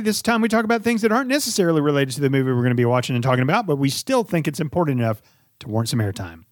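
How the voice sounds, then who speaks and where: A middle-aged man chatting casually as a podcast co-host, his pitch swinging widely as he jokes around. The recording is close and dry, with no room sound at all. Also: racing, dry recording, soft background music. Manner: joking, playful, lively delivery. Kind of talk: casual chat.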